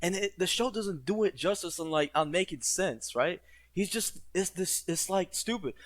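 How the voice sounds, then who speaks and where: A man rants through a reaction commentary in a blunt, profane way. His voice sits a little on the high side. The recording is dry and close, with no room sound. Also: lively intonation, moderate pace, fairly bright tone, no echo. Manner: mocks characters in put-on quotes.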